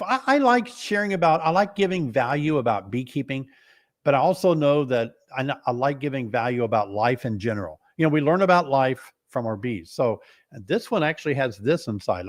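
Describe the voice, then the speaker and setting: Animated, breathless man hosting a live stream. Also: medium pitch. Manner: playful, teasing, with animated exclamations. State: short of breath from covid, coughing. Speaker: beekeeping host. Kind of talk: casual live stream chat.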